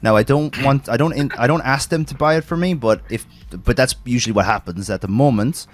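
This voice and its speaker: Male podcast host, mid pitch, loose rambling delivery with frequent laughs, casual swearing. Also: fairly quick. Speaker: streamer host.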